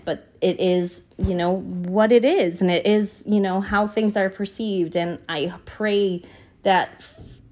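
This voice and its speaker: A woman hosts her own podcast in a relaxed, open-hearted way. She speaks earnestly and is quick to be moved, and she scatters "you know" through her sentences. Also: on the low side. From United States. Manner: heartfelt and earnest, often emotional, many "you know" fillers. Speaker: podcast host. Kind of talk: casual podcast monologue.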